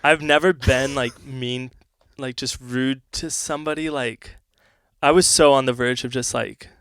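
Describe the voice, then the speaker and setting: Man, smooth clear voice, relaxed podcast co-host, rambling with fillers, dry close mic. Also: medium pitch, unhurried, dry recording. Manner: laid-back, uses filler words, laughs along. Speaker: podcast co-host, band member. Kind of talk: casual chat.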